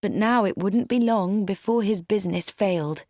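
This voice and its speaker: A woman narrating an audiobook with expressive, varied storytelling. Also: medium pitch, normal speed, dry recording, studio quality.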